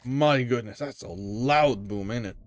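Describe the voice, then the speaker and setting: A man's voice: medium pitch, unhurried, slight background noise. A man giving casual commentary while playing a game, chatty with muttered asides, on a desk microphone. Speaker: gamer.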